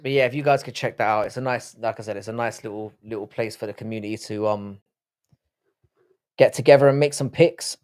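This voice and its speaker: A man in his thirties is hosting a laid-back live stream, sounding exhausted but talkative. His voice sits fairly low, with a somewhat dark tone and a brisk pace. He curses liberally and wanders off topic, frequently starting his sentences over.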